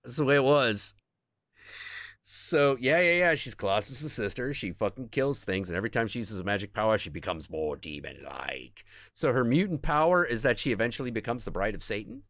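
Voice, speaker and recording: A man's voice: mid-range voice, brisk, dry recording. Guy hosting a stream, swears a lot, rambles, voice jumps all over, dry close sound. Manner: profane, rambling, animated, searching for things mid-talk. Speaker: stream host. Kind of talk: casual stream chat about comics.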